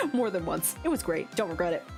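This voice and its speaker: A woman's voice: lowish voice, normal speed, creaky. A young woman streaming, chatting casually about her day with frequent fillers, giggles, and playful silly voices. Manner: giggly, rambling, many fillers; animated, playful voices in quoted bits. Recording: faint background music.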